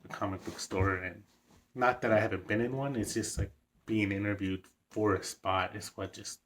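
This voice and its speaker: A young man talks casually to the camera in a vlog, telling a story in a low voice. His delivery is fairly flat and level, rambling along with plenty of fillers and an occasional excited chuckle. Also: normal speed, slight background noise. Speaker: vlogger.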